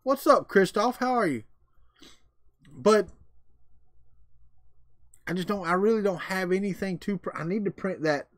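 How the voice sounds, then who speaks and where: A man's voice: sits high, expressive, unhurried, pauses often, dry recording, clean studio sound. A man with a Southern US accent hosting a casual livestream, chatting with viewers in a folksy, joking way. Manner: folksy, drawling, jokey. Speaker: livestream host. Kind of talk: casual chat with live viewers.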